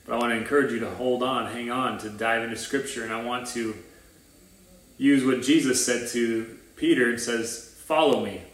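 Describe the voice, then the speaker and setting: A man's voice: mid-range voice, steady tone, normal speed, fairly bright tone. A man preaching a sermon as pastor of a new church, earnest and informal, with restarts and asides. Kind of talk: conversational livestream sermon. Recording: roomy echo.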